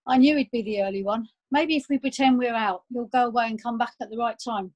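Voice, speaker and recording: A bossy, fussy mother, played by a woman, snapping out orders briskly and with exasperation. Her voice sits a little high. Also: a little mellow, close to an everyday voice, poor audio. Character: fussy middle-aged mother and host, bossy.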